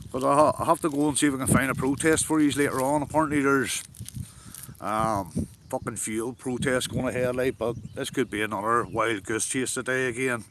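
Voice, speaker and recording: A man's voice: mid-range voice, fairly even intonation, brisk, noisy background. A man with a Northern Irish accent live-streaming outdoors while fishing, chatting casually, swearing often and answering his viewers' comments. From Northern Ireland.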